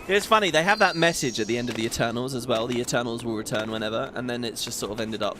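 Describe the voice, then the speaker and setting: A man's voice: medium pitch, fast, background noise. A man hosting a casual gaming video, chatting and rambling as he plays and sometimes laughs. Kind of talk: casual let's-play commentary. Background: game music.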